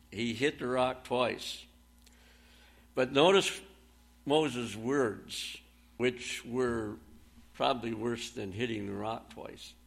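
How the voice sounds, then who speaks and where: A man's voice: medium pitch, gravelly, a bit bright. A man preaching a sermon, reading scripture aloud and retelling Bible stories with plain, folksy phrasing and a few fillers.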